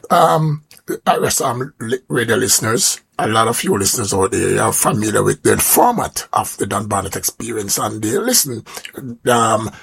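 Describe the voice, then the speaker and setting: A man's voice: medium pitch, gravelly, breathy edge. A Jamaican man hosting a radio talk show, delivering an emphatic, conversational monologue full of "you know".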